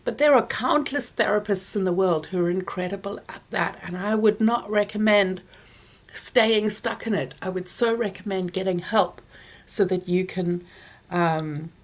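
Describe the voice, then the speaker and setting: Calm woman therapist answering viewer questions. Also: mid-range voice, unhurried. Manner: calm, explanatory, with many fillers and restarts. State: talking around a throat lozenge. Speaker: therapist hosting a Q&A. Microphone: close mic near her ears.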